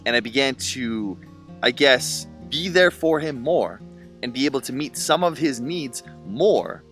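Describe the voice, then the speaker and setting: A young man with a mid-range, fairly bright voice earnestly reflects on being a single dad in a personal vlog monologue. His tone is spiritual and self-help.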